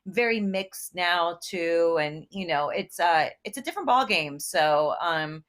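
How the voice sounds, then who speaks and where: A woman's voice: fairly low pitch, animated, a little slow, a bit bright. A woman, a comedian and actress, chatting as a guest over a video call, bubbly and laughing often. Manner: bubbly, laughs often, slips into playful put-on voices. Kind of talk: casual video call interview.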